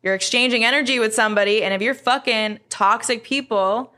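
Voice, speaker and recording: A woman's voice: fairly high pitch, a little fast, bright, forceful tone. A young woman co-hosting a podcast, chatting candidly, swearing freely and laughing often. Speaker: podcast co-host. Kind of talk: casual podcast chat.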